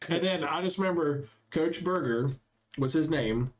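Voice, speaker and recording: A young man co-hosting a casual podcast chat, telling stories with lively acted-out quotes. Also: on the high side, normal speed. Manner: animated storyteller acting out quotes. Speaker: podcast co-host.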